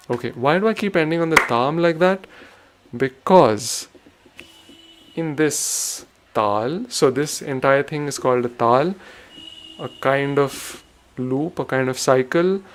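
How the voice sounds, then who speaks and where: A man giving a spoken music lesson, patiently explaining rhythm cycles and chanting rhythm syllables aloud. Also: medium pitch. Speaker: rhythm teacher.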